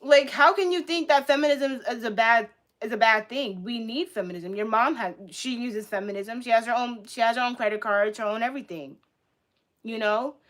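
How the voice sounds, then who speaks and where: A woman's voice: a little high, moderate pace, a bit bright. Heated, profane young woman streamer. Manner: heated, profane, repeats herself. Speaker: livestreamer. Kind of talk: casual live-stream reaction rant.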